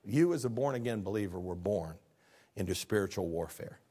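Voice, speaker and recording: An older man preaching a sermon, rising to loud high peaks and dropping low and quiet, often restarting phrases and asking his listeners questions. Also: animated, fairly quick, slightly rough. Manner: stumbling restarts, asks the congregation questions. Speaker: pastor.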